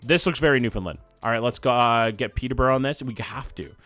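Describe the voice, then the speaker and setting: A man's voice: medium pitch, fast, fairly bright tone, no room sound. A young man, chatting casually with his live-stream chat while playing a guessing game and thinking aloud. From Canada. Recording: dry close mic with faint background music.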